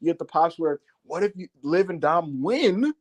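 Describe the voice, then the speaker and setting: A man's voice: a little high, lively intonation, normal speed, a little mellow. A man co-hosting a wrestling review podcast, telling it animatedly, acting out quotes and swearing freely. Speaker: podcast co-host. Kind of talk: casual wrestling review chat.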